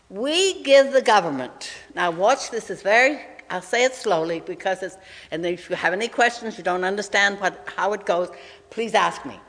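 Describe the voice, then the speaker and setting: A woman in her nineties, speaking earnestly and emphatically in an interview, slowly repeating key figures. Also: a little high, a bit bright, big-room sound. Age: 90s. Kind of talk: conversational interview.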